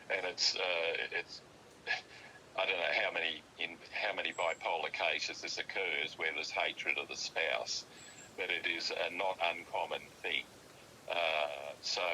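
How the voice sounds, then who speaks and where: Deep, sharp-toned older man. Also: slight background noise, low-quality recording. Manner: halting and insistent, many uh and um fillers. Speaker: father of the host. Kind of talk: heated family argument.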